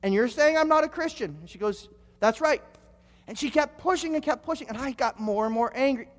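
A man's voice: very high-pitched, animated, quick pace, big-room sound. A male pastor preaching a sermon, telling stories with frequent stammered restarts.

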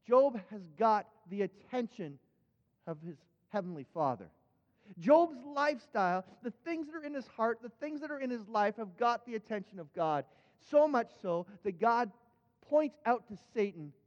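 A man with a high voice preaching a sermon, earnest and repeating himself as he builds each point. his voice rings out through a church hall with a long echo, and the sound is dull and muffled. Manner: earnest, repeats words when starting phrases. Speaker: pastor. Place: church sanctuary.

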